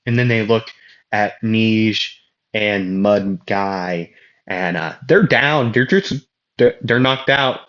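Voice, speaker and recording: A man's voice: fairly low pitch, slow, a bit bright, muffled recording. A young man casually narrating a fan story, rambling with fillers and self-deprecating asides.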